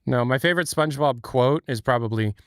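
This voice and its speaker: A man's voice: mid-range voice, a little fast, a bit bright, no room sound, clean studio sound. A man co-hosting a casual livestream chat who talks in a rambling, laughing, self-mocking way. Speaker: co-host.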